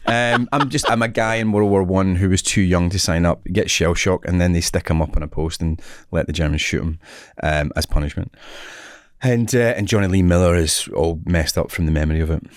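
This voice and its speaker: A low-pitched Scottish actor in his forties, recorded studio-clean with no echo, is a guest in a casual interview. He tells stories and laughs often.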